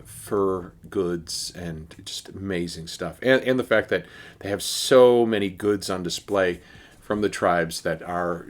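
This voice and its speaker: A man chatting casually through a beer review, rambling with lots of fillers and restarts. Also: sits low.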